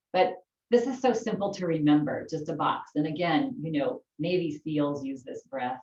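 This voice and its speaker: A woman with a low voice leads a chair yoga class, counting breaths slowly and giving soft, calm cues. She sounds set back from the mic in an echoey room. The recording is dull and muffled. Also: far from the mic. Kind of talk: guided breathing and yoga instruction.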